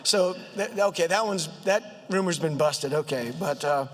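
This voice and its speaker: A man with a Southern accent introducing a colleague in a humorous floor speech, halting with many fillers and jokes, his voice high and a bit squeaky. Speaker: state legislator introducing a colleague. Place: state house chamber. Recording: long reverb of a legislative chamber.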